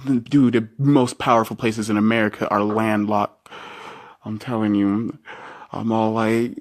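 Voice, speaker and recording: A man's voice: mid-range voice, fairly even intonation, normal speed. Rambling, slangy man ranting. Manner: slangy, rambling, jumps from topic to topic; keeps quoting himself with "I'm all like", voice jumping up when he does. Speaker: vlogger ranting to camera. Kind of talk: rambling monologue rant.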